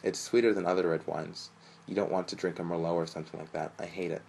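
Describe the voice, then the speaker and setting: A coy young girlfriend with a Persian accent, matter-of-fact and teasing, as a deep-voiced male reader puts her on. Her voice sits low and gravelly. A faint hiss runs under the storybook reading. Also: fairly even intonation, fast, darkish tone. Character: sweet young woman girlfriend, coy, traditional.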